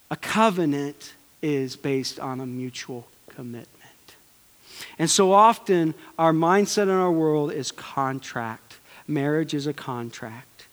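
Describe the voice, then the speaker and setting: A man preaching a sermon with passion, swinging from loud urging to hushed pleading. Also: a little high, unhurried. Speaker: pastor. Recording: long hall reverb.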